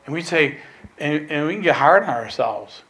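Male preacher with a slightly high voice. Slow, emphatic sermon delivery with whispered drops. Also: expressive. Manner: emphatic, swinging from loud stresses to near whispers; repeats phrases for emphasis.

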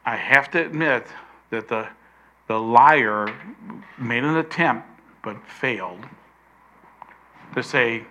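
An older man preaching a sermon, emphatic, slowing down to stress key words. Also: mid-range voice, sharp tone.

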